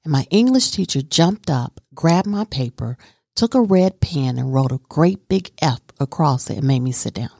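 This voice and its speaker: A woman's voice: deep voice, animated, moderate pace, vocal fry, a little mellow, breathy edge. A woman telling her life story in an interview, earnest and emphatic. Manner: earnest and emphatic, talks with conviction. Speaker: guest.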